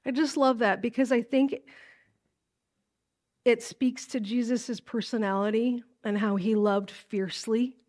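Woman pastor, high voice, casual sermon, animated acted-out quotes. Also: unhurried. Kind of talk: sermon teaching from scripture.

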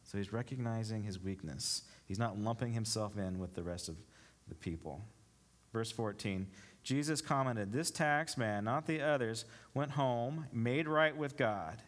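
A man's voice: on the low side, a little slow. Man preaching a sermon, questioning the room. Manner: reads scripture aloud, then explains it with rhetorical questions. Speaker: pastor. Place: church.

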